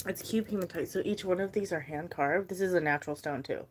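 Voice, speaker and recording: A chatty young woman hosting a casual live stream. Her voice sits a little low, and she tells stories in an animated way with lots of "like". A faint hiss of background noise runs under her talk. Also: fast. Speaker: livestreamer selling handmade bracelets.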